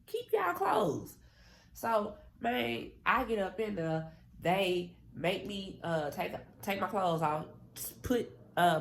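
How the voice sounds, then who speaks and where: A woman vlogger casually telling a story straight to her viewers, slangy and animated. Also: mid-range voice, gravelly, slight background noise.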